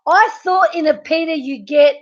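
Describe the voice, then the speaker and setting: A woman from Melbourne, Australia, hosts a casual live stream, reading the chat at a moderate pace in a high voice. Giggly and teasing, she addresses viewers by name and laughs a lot, all over dull lo-fi stream audio.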